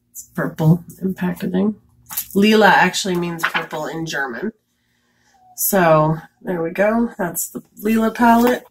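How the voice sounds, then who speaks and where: A woman's voice: fairly low pitch, a little hiss or hum. A young woman giving chatty, enthusiastic product recommendations in a casual beauty vlog, with frequent fillers. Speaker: beauty vlogger.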